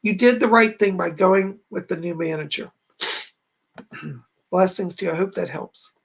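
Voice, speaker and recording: A man's voice: high voice, measured pace, gravelly, a bit bright, slightly rough. A man hosting a livestream, chatting casually as he reads viewers' messages aloud and gives psychic readings. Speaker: psychic medium host.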